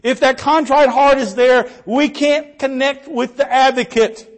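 A man preaching a sermon earnestly, with rhetorical questions and quiet trailing endings. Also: extremely high pitch, steady tone, unhurried.

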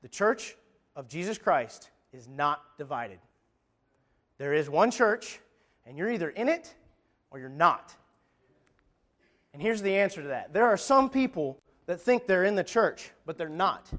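A man's voice: high voice, expressive, a little slow, pauses often, a bit bright. A man preaching a sermon, talking in a conversational, emphatic way with frequent restarts and scripture readings.

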